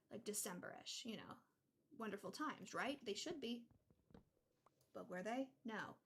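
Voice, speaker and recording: Young woman streamer chatting loosely while she plays, mid-pitched with vocal fry. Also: a bit bright, a little hiss or hum. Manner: rambling and chatty, full of "like". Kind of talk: casual chat while gaming. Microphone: desktop mic with adjustable gain.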